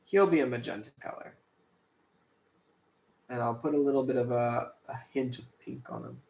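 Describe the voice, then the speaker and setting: A man's voice: medium pitch, steady tone, moderate pace, creaky, a little mellow, echoey room. A man streaming while drawing, chatting casually and playfully with his viewers and co-host. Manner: chatty, playful, talks to chat. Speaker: streamer and artist.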